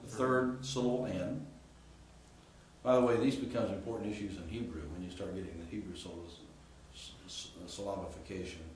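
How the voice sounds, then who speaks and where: A man with a fairly low voice gives a classroom lecture on Greek grammar, stopping to quiz his students and filling the pauses with ums and uhs. He is picked up from a distance in a very echoey room, with faint room noise under him. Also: steady tone. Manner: explains and quizzes students, many fillers. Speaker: Greek instructor.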